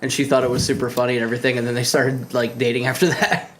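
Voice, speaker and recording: A woman's voice: rumbling low, level tone, fast talker, slight background noise. A woman co-hosting a podcast in casual chat, laughing often and talking with animation. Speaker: podcast co-host.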